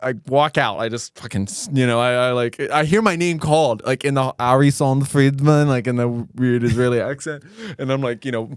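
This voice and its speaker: A man's voice: medium pitch, fairly quick, hardly any pauses, clean tone, no room sound, studio quality. A young man hosting a podcast, telling a long, profane, self-mocking story in a rambling casual way. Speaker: podcast host.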